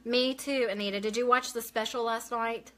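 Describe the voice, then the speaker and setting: A woman's voice: on the high side, steady tone, moderate pace, pushed and bright. A woman hosting a casual live makeup stream, chatting as she works and answering viewer comments aloud.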